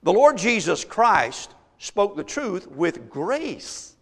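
This pastor preaches slowly yet very animatedly, his fairly bright voice pitched high for a man. He hammers his points with runs of rhetorical questions, the words echoing in a long church-hall reverb.

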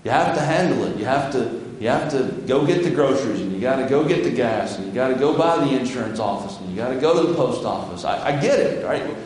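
A man's voice: mid-range voice, expressive, fast talker, hardly any pauses, a little mellow, a little hiss or hum. A man preaching a sermon as pastor of his church, folksy and conversational, reading scripture aloud between his own remarks. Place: church sanctuary. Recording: very echoey church hall with long reverb.

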